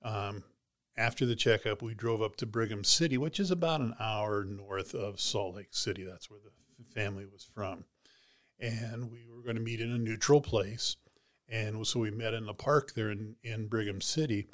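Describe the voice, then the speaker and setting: A heart transplant recipient retells a personal story in an interview, speaking at a moderate pace in a lowish, fairly bright voice. He's casual and rambling, peppering it with "you know" and "she goes".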